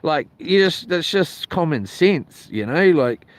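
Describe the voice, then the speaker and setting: A man's voice: on the high side, lively intonation, unhurried, no room sound. A man telling a rambling, colloquial story for his vlog, outdoors by a lake. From New Zealand. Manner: rambling, colloquial, mimics others loudly. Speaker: vlogger. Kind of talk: casual storytelling.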